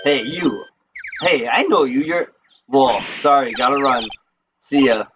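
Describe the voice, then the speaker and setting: A man's voice: medium pitch, a little slow, natural voice. A man reading a goofy, lovesick young man from a video game aloud, in an overwrought, dramatic way, over game music. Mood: flustered.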